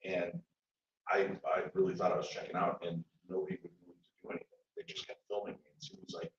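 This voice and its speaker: A man on a paranormal TV show telling a story to a convention audience in a jokey, animated way. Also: low-pitched, fast talker, gravelly. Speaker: paranormal TV show cast member, convention panelist. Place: large convention hall. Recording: echoey hall, distant mic, dull sound.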